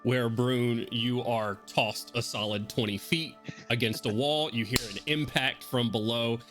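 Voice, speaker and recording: A man running a tabletop game as game master, narrating scenes in a relaxed way and laughing easily. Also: mid-range voice, unhurried, faint music behind.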